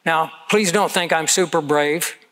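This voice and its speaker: Speaking a little slowly, this pastor in his seventies gives an earnest, conversational sermon and slips readily into stories from his own life. His voice sits slightly above the usual male range and sounds a bit bright, with slight background noise on a low-quality recording.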